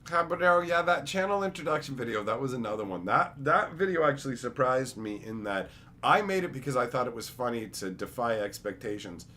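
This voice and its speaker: A young man streams live, chatting casually in a medium-pitched, lively voice that runs a little fast, with a bright, forceful tone. He rambles, jokes, and swears freely, and there's slight background noise.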